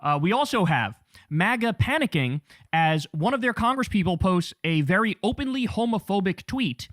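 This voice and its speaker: Energetic chatty male show host. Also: sits high, normal speed, no echo, studio quality. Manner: energetic, chatty, addresses chat as y'all. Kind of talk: news commentary show opening.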